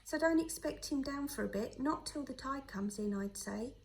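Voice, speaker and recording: A woman's voice: high-pitched, moderate pace, vocal fry, a little mellow, slight background noise. A woman voicing a kindly working man with a strange accent, talking in a friendly, musing way.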